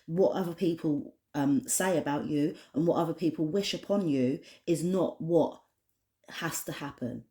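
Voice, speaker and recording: A woman's voice: low-pitched, moderate pace, warm tone, roomy sound. A woman from the United Kingdom giving a casual oracle card reading to camera, chatty and passionate, with many restarts.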